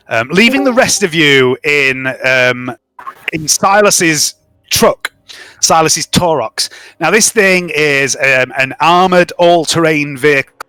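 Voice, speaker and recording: A male game master narrating a tabletop session in a loose, rambling way, peppered with ums and curses. His voice is fairly high for a man and bright, recorded close and dry with faint music in the background. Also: dry recording. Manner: rambling, profane, many ums.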